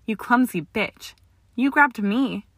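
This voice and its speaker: A woman reading as an indignant young witch with a sharp, bright voice. She protests in a huffy, quick-tempered way. The recording is close and dry. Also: medium pitch, no room sound.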